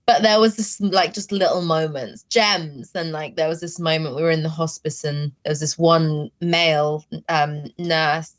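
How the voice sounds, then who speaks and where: A woman speaking candidly as an interview guest, halting and emotional, with many fillers. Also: sits low, steady tone. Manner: emotional, halting, heavy use of "like".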